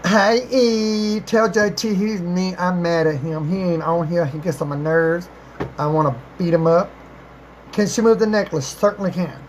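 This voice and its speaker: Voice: normal speed, a little hiss or hum, rough recording. An adult live-stream host chatting casually with viewers, affectionate and talkative, calling everyone darling and baby, often rephrasing themselves. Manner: chatty, repeats and rephrases, with swooping pitch jumps. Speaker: livestream host answering viewer questions.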